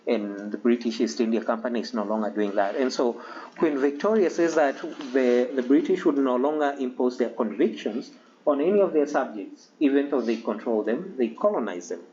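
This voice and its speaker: A man giving a history lecture to a class, halting with many ums and frequent throat-clearing. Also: mid-range voice, expressive, dark tone. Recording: dull lo-fi recording with faint hiss.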